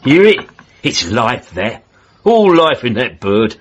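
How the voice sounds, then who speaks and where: A man's voice: medium pitch, very animated, slow pace, muffled recording, a little hiss or hum. A teasing, flirtatious countryman. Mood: jovial. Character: jovial, flirtatious countryman, middle-aged. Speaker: convalescing family man. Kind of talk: period TV comedy-drama acting.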